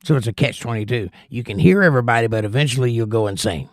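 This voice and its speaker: A man's voice: mid-range voice, quick pace. A man in his usual casual livestream chat, rambling and friendly-paced in reply to his viewers. His voice sits in an ordinary middle register. The sound is dry, with no room echo. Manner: chatty, reads viewer comments aloud and rambles in reply. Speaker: livestream host.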